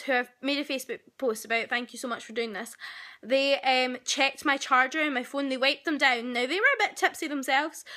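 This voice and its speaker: A young woman, telling stories in an animated, gossipy way while vlogging at home into a handheld camera. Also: sits high. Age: young adult. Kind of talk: casual chatty vlog. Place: at home, indoors.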